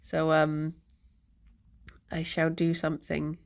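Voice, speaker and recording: A woman's voice: low voice, monotone, takes it slowly, gravelly. A young woman chatting casually on a live stream, rambling and giggling often as she reads the chat aloud.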